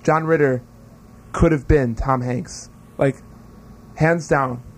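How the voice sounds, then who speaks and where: A man's voice: mid-range voice, steady tone, slow. A man co-hosting a casual talk show, rambling and self-mocking, with many fillers. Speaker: podcast co-host. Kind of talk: casual banter.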